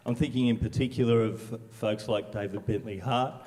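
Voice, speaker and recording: A man with a low voice asks a question from the audience, hesitant and halting. The long reverb of a large auditorium hangs on his words. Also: steady tone, darkish tone. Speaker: audience member asking a question.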